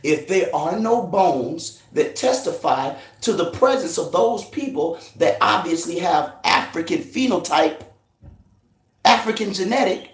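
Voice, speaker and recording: A man giving a confrontational street lecture, forcefully grilling his listeners with profanity. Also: high-pitched, expressive, unhurried, echoey room. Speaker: street teacher debating a crowd.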